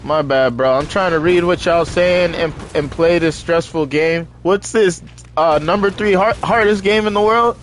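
A young man streaming a video game, chatting casually in heavy slang and telling animated stories between excited outbursts. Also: fairly high pitch, moderate pace, soft background music. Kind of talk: casual stream chat while gaming.

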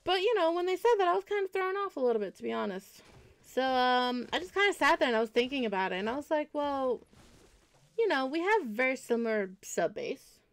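A woman's voice: high voice, big pitch swings, fast talker. A woman game streamer chatting casually with her viewers while she plays, rambling and correcting herself as she reassures them.

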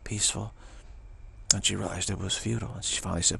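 A man's voice: deep voice, fast talker, gravelly, bright, forceful tone, husky. A man giving a rambling, emphatic spiritual talk as a teacher, often dropping into whispers. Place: Bay Area, California.

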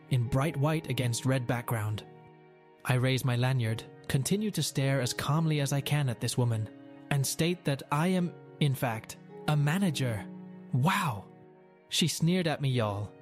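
Male store manager reading a story aloud, middle pitch, wry and dramatic, soft music behind. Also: moderate pace.

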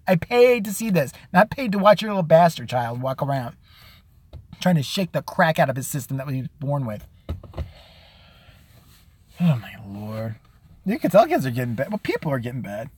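A man's voice: fairly high pitch, no room sound. A man hosting his own show, delivering a crude, sarcastic comedic rant and slipping into mocking impressions of other people. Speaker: show host.

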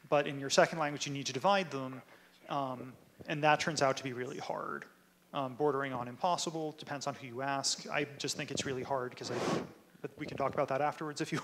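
Casual higher-voiced male linguist presenter. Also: a bit bright. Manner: casual, many "like" and "right?" tags. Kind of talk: answering audience questions at a talk.

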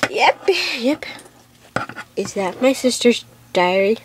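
A woman's voice: on the high side, slow pace, slight background noise. A woman making a doll show, doing every character in playful switching voices, recorded at home. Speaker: doll video maker voicing all characters.

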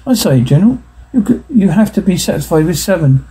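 A man's voice: high-pitched, very animated, quick pace, mellow, slightly rough, full character voice, low-quality recording. A man voicing a polite, apologetic, rule-bound male official in an audiobook reading.

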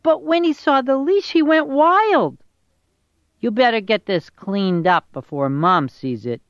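A woman's voice: a little high, expressive, a little slow, dry recording, muffled recording, voice pushed up. A woman voicing a cheeky bossy little sister. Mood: teasing.

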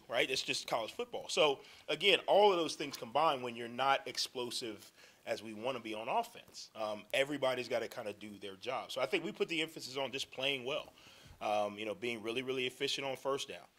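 A man, a head football coach, explaining his thinking at a press conference with many ums, repeated phrases and frequent throat clearing. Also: mid-range voice, bright, forceful tone.

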